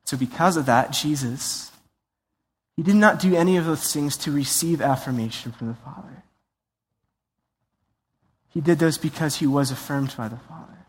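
A man preaching a sermon in a conversational, animated way, acting out voices and asides. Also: fairly high pitch. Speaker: pastor. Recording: long hall reverb.

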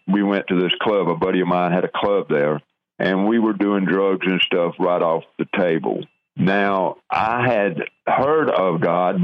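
An older man from the southern United States, with a deep voice, gives personal testimony as a guest in an interview. He tells his life story slowly and earnestly, often stopping to restart. The audio is dull, lo-fi radio sound.

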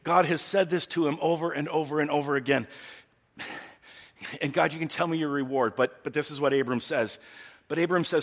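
Pastor teaching in a reverberant hall. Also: male voice, a little high, fairly even intonation, brisk, pauses often, fairly bright tone. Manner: talky, keeps checking in with the listeners. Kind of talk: conversational sermon.

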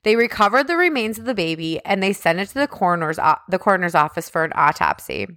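Talking fast with big swings in pitch, this lowish-voiced woman has a fairly bright tone. She's a podcast co-host retelling a criminal case in chatty, casual fashion, full of "like" fillers and indignant remarks. It's studio-quality audio with no echo.

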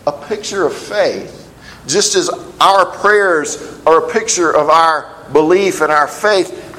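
Earnest preacher guy, kinda high voice, repeats himself, echoey room. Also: fairly bright tone, slight background noise. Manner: earnest, repeats key phrases. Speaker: pastor. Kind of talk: sermon.

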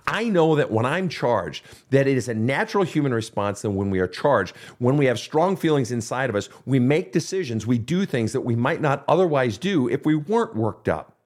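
A man's voice: mid-range voice, sing-song, normal speed, few pauses. Middle-aged guy on a counseling podcast, super blunt, swears constantly, plays out the quotes. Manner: blunt, swears freely, acts out quoted outbursts. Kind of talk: casual advice monologue.

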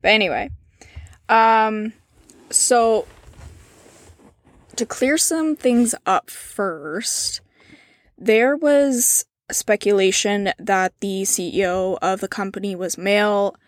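A woman talking casually on a podcast, her speech loose and full of "like" and "um" as she recounts events. Her voice sits at a middle pitch and sounds close and dry, with no room around it. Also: slow pace, long pauses, no room sound. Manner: casual, many fillers, reads out quotes in a subdued tone. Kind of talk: casual chat.

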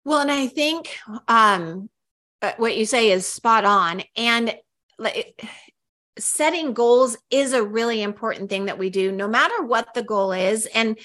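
A woman's voice: on the high side, expressive, a little slow, bright, forceful tone. A woman co-hosting a casual podcast, talking in a chatty, upbeat way with frequent fillers and restarts. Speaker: podcast co-host.

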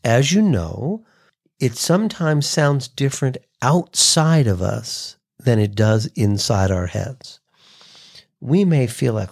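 A man hosting a podcast, teaching voice delivery in a relaxed conversational way and acting out short sample reads. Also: medium pitch, takes it slowly, gravelly. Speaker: voice coach and podcast host. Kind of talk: casual instructional talk.

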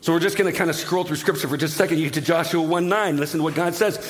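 A man preaching a sermon in an animated, joking way, talking straight to the congregation. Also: on the high side, rapid-fire. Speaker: pastor.

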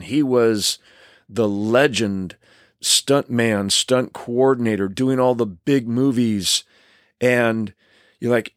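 Older stunt guy telling war stories, middle pitch, keeps restarting sentences, dry close sound. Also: dry recording. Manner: animated, rambling with many restarts. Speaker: stunt performer. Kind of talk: storytelling, reminiscing.

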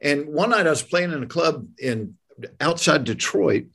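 A man's voice: a little high, moderate pace, gravelly, breathy edge. A man from Georgia with a Southern US accent, a comedian guest telling stories in a plainspoken, folksy way during a casual interview. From Georgia, USA. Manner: folksy, plainspoken, animated anecdotes.

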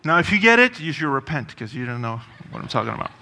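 A man delivering a sermon with a bright, forceful voice sitting a little high for a man. He talks conversationally but with punch, repeating phrases and tossing in casual asides. His voice carries a long reverb, as if in a large hall. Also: sing-song, quick pace, slight background noise. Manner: conversational and emphatic, with frequent asides and repetition. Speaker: preacher.

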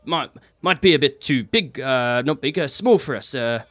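A man voicing a male dwarf performer who speaks haltingly. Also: mid-range voice, lively intonation, sharp tone, dry recording, pitched above the performer's own voice. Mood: hesitant. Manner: halting, hesitant.

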